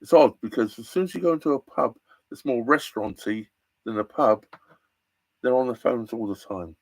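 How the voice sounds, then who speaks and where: A man from England chats on a live stream from inside his narrowboat, rambling and restarting, now and then flaring up. His voice sits at an ordinary pitch. The sound is close and dry, with no room echo. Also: moderate pace. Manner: rambling, chatty, with restarts and animated outbursts. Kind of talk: casual live-stream chat.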